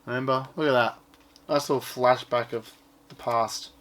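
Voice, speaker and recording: A man with a mid-range, steady voice talks at normal speed with a fairly bright tone. He's a collector showing off his purchases in a casual unboxing chat, rambling offhandedly and swearing now and then.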